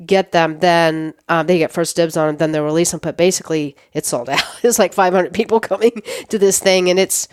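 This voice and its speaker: A middle-aged woman, a guest on an interview show, tells a story in a casual, animated way and acts out the dialogue she quotes. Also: fairly low pitch, brisk, few pauses, smooth, no room sound, clean studio sound.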